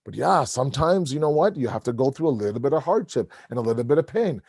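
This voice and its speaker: A man's voice: medium pitch, sing-song, quick pace, a little mellow, husky, no room sound, clean studio sound. A middle-aged man giving a conversational sermon at a religious gathering, telling a family story and acting out the dialogue. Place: mosque hall.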